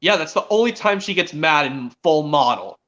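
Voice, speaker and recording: A man hosting a stream, chatting excitedly as a fan and rambling with frequent restarts. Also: fairly high pitch, moderate pace. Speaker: stream host. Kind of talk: casual fan chat. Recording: dull lo-fi stream audio.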